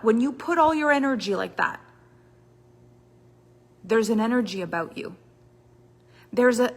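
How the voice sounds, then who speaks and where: A woman's voice: fairly high pitch, slightly rough. Emphatic woman coaching in a reverberant hall. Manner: emphatic, repetitive, dramatic shifts in loudness. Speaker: business coach. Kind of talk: motivational talk to a group.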